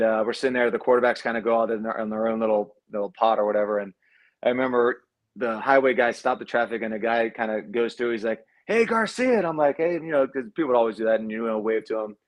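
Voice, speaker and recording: A former quarterback in his thirties, telling loose, profane stories in a casual interview and mimicking people in a raised voice. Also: muffled recording. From Cuban heritage. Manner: laid-back, swears freely, acts out quotes in a higher voice. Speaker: former college quarterback, guest.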